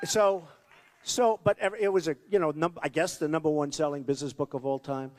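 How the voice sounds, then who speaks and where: At a school hall rally, a male presidential candidate delivers a rambling, boastful speech, repeating points and mimicking people he quotes. His voice is on the high side and darkish, with a steady tone and a slightly quick pace. Long hall reverb fills the recording.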